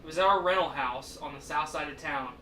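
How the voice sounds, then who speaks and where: A man's voice: a little high, a little fast, pushed and bright, a little hiss or hum. A man hosting a podcast in casual chat, a rambling storyteller who swears a lot. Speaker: podcast host. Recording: echoey room, distant mic.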